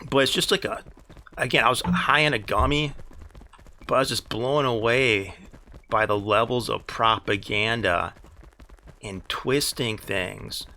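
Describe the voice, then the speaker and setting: A man's voice: mid-range voice, unhurried, sharp tone. An American man streaming a game live, rambling in casual talk full of restarts and "right?" asides, with an exasperated edge. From United States.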